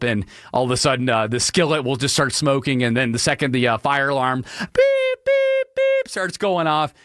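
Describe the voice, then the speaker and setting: A man hosting a radio talk show alone, ranting in an opinionated, animated way about everyday gripes. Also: dry recording, clean studio sound. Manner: animated, ranting, mocks people in high silly voices. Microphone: studio microphone.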